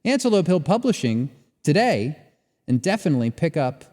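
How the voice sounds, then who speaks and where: Lively man reading ads in a reverberant room. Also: on the high side, moderate pace. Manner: lively, joking, drawls ad reads with fillers. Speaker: podcast co-host. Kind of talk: casual chat and read ads.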